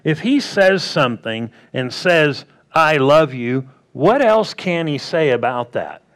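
A man's voice: fairly high pitch, lively intonation, slow pace, fairly bright tone. Man preaching with rhetorical questions. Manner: conversational, plain-spoken. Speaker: pastor. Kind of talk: sermon.

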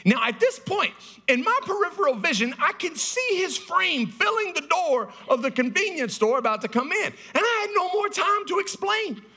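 Animated, high-pitched storytelling pastor. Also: male voice, moderate pace. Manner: animated, shouting storyteller acting out scenes. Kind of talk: storytelling sermon.

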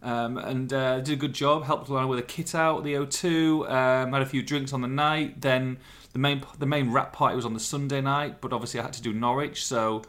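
A man's voice: medium pitch, steady tone, brisk, few pauses, fairly bright tone. A man, hosting a podcast and telling rambling, self-deprecating stories in casual chat. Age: 40s. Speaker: podcast host.

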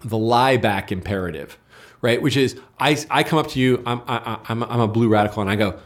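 A man's voice: mid-range voice, brisk. A man speaking as a guest writer in a political interview, arguing his point and acting out quoted exchanges. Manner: argumentative, acts out quoted dialogue.

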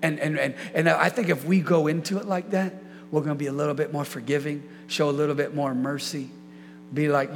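A man's voice: on the high side, steady tone, brisk, creaky, in a large hall, background noise. A man preaching a sermon as a pastor in a church, emphatic and repetitive, leading the congregation in call-and-response. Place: church sanctuary.

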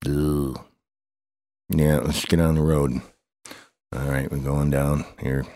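Man, very deep voice, dark tone, dry sound, rambling excitable storyteller. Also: slow pace, no echo. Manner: rambling, excitable, with grunts and humming. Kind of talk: improvised story with banter.

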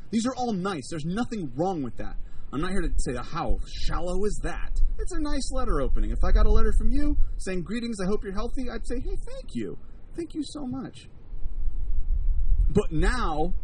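A man preaching a sermon, animated, drawing the congregation into call and response. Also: high voice, far from the mic, a little hiss or hum, rough recording.

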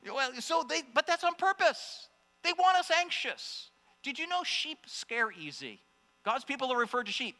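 A man delivers an impassioned sermon in a notably high, bright voice. He swings between raised exclamations and quiet asides. The sound carries a long hall reverb over a faint mains hum. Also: lively intonation, moderate pace. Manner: impassioned preaching, rising to exclamations and dropping to hushed asides. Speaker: pastor.

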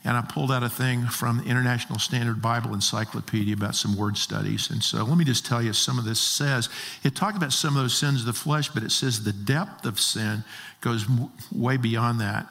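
A man preaches at a middle pitch, pressing his points with rhetorical questions. His voice rings with the long reverb of a large hall. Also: fairly quick, creaky, fairly bright tone. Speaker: pastor. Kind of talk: sermon.

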